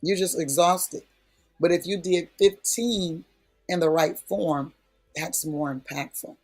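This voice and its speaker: A man's voice: fairly high pitch, takes it slowly, darkish tone, slightly rough. A man preaching in a prayer session, talking in a folksy, emphatic way and repeating key phrases for weight. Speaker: prayer speaker.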